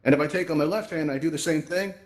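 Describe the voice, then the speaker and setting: A man leads a live walkthrough in a quick, chatty rush. His voice sits a little high for a man, and he coaches his audience in an upbeat way. The sound has a roomy echo from a headset mic. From New York. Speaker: virtual reality event host. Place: virtual reality social space. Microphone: VR headset microphone.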